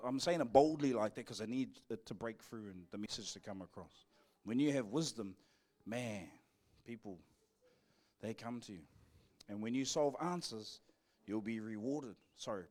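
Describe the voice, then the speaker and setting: A man's voice: lowish voice, normal speed, a little mellow. A man with a New Zealand accent preaching a live church sermon in a playful, cheeky way, acting out back-and-forth conversations. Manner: playful, cheeky, jokey with the congregation; acts out back-and-forth dialogues. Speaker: pastor. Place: church service.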